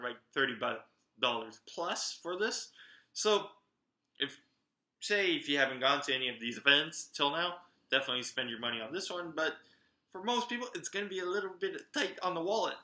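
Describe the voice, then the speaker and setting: A man giving a chatty, excitable roundup of upcoming wrestling events and talking straight to his viewers. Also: a little high, reverberant. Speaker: wrestling vlogger.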